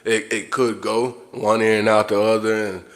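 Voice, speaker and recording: This man's voice sits fairly low, with a level tone and moderate pace. Hosting a livestream, he talks straight to viewers off the cuff, and his rant is blunt, profane, and repetitive.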